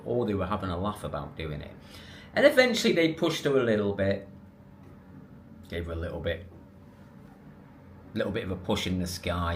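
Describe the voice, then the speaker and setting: A man tells a story to his camera, lively and rambling, doubling back on his words. His voice sits fairly low. A faint hum of background noise runs under the talk. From England. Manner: animated, rambling with restarts and self-corrections. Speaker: vlogger.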